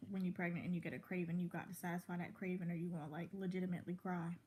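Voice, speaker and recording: A woman's voice: fairly low pitch, level tone, very fast, hardly any pauses, mellow, a little hiss or hum. A pregnant woman in her twenties chatting casually to the camera while she eats, rambling from topic to topic. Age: 20s. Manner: rambling, chatty, talks between bites. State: pregnant and full from eating. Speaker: vlogger.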